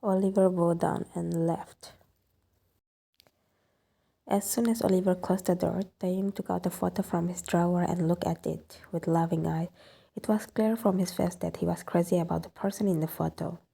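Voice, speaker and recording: Fan fiction narrator, woman, husky, dark-toned, soft and even. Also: fairly low pitch, moderate pace. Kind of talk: scripted story narration.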